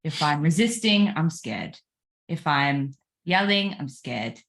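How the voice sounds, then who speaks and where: A woman's voice: deep voice, expressive, slow pace, fairly bright tone. A woman talking earnestly and reflectively about relationships, repeating phrases for emphasis. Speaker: guest.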